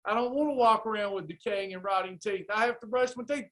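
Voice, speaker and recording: A man's voice: sits high, fast talker, a bit bright. A man coaching a live weight loss class, urging listeners on in a fired-up, preacherly way. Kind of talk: live class pep talk.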